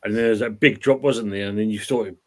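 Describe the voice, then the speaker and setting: A man hosts a casual live show, his low voice easygoing as he reads out viewers' comments. He talks in a relaxed, matter-of-fact way. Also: fast. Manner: relaxed, chuckling, reads chat comments aloud. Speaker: show host reading live chat. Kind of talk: casual livestream chat.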